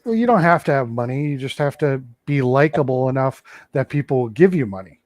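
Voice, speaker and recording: A man chats casually and hesitantly, stumbling over his words and then teasing. His voice has a middling pitch, recorded dry and close. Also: expressive, fairly quick, darkish tone, no echo. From United States. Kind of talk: casual chat.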